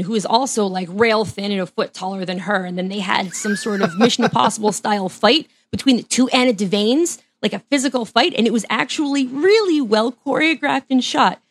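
A woman's voice: medium pitch, dry recording. Chatty, laughing woman, dry close sound. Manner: chatty, laughs often, restarts sentences. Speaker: podcast guest. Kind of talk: casual interview chat.

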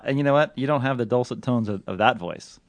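A man's voice: medium pitch, fast talker, no echo. A man co-hosting a podcast, chatty and teasing. His voice is close and dry, with no room sound. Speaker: podcast host. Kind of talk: casual chat.

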